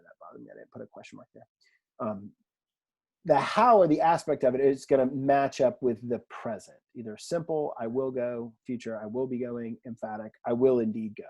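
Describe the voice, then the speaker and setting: A man teaching a recorded online language lesson in a relaxed, chatty way, with fillers and asides, from a room at home. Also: medium pitch, husky. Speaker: Greek teacher.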